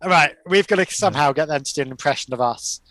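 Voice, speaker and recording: A man's voice: a little high, fast talker, crowd noise. A man co-hosting a motorsport podcast, chipping in with playful questions and teasing. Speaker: podcast co-host. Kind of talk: casual banter.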